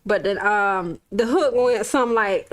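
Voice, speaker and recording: A young adult woman from Florida, a recording artist telling her story in a relaxed, casual interview, laughing often and swearing freely. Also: mid-range voice, moderate pace.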